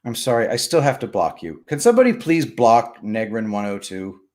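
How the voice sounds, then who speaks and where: Animated male live streamer. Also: mid-range voice, normal speed. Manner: animated, joking, swings from loud bursts to mumbled asides. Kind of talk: casual live stream chat reading comments.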